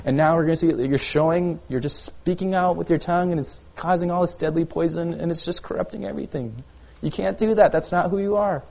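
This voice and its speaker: A man's voice: on the high side, a little fast, creaky, darkish tone. A young man preaching a casual sermon to a youth group, telling personal stories in a conversational way full of filler words. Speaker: youth pastor.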